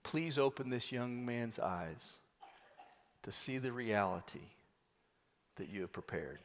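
A man voicing a calm older male prophet who speaks slowly and softly, in a long reverberant hall. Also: mid-range voice, pitched below the performer's own voice. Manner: calm, slow and soft-spoken.

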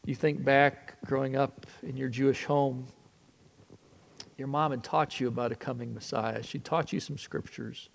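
A man preaching a sermon that retells a story in the second person, earnest and swinging from hushed passages to impassioned ones. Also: mid-range voice, steady tone, normal speed, gravelly, a little hiss or hum. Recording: long hall reverb.

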